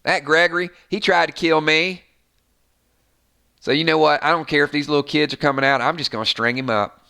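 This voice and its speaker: A man imitating a Southern woman survivor, slow and preachy, with a heavy Southern drawl. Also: fairly high pitch, fairly even intonation, gravelly, bright, forceful tone. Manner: slow, drawn-out, moralizing.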